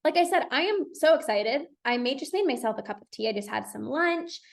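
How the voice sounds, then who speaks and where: A woman's voice: sits high, lively intonation, fairly quick, vocal fry. A young woman hosting a solo podcast as a binge eating coach, talking casually and reassuringly, with lots of "like". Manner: chatty, says "like" a lot, reassuring.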